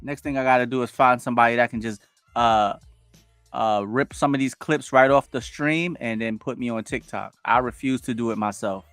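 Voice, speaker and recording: Speaking at normal speed with a clear, resonant, medium-pitched voice, this livestream host is a man in his forties. Faint music plays behind him with no room sound as he energetically calls out viewers by name, reads their chat aloud, and pumps them up from a wired home streaming rig.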